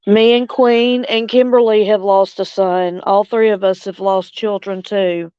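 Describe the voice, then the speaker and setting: Slow-talking older woman, smooth, tearful. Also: mid-range voice, steady tone, no room sound, dull audio. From Louisiana, USA. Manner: slow, tender, chuckling between lines. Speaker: livestream host. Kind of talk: casual livestream chat.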